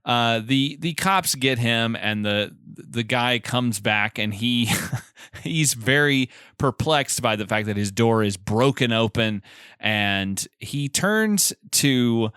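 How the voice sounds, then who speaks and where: A man's voice: mid-range voice, animated, slow pace, sharp tone, clear, resonant tone, no room sound, clean studio sound. A man co-hosting a podcast in casual chat, laughing often as he retells film scenes. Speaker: podcast co-host.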